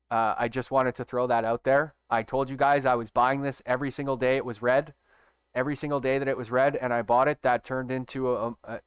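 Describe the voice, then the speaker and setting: Smooth-voiced, profane man teaching trading. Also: medium pitch, no room sound, studio quality. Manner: profane, emphatic, keeps checking in with "okay?". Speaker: stock trading educator. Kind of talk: casual screen-share trading tutorial.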